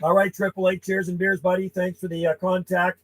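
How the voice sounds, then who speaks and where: A man's voice: high voice, flat delivery, a little fast, low-quality recording. Friendly ham radio man calling on air. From Canada. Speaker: radio operator. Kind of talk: live-streamed ham radio chat. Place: home radio room.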